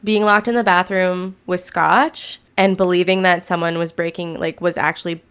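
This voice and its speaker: Candid rambling woman with a smooth voice. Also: fairly low pitch, fairly even intonation, moderate pace, a bit bright. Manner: candid, rambling, swears and laughs. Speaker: guest recounting an experience. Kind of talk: casual interview.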